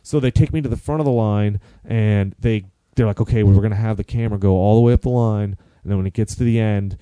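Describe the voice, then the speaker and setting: A man's voice: on the low side, quick pace, warm tone, clean tone, no echo. A young man, a comedian, telling long rambling stories in casual chat, swearing often and acting out the voices of the people in them. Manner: rambling, profane, acts out voices in his stories. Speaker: comedian guest.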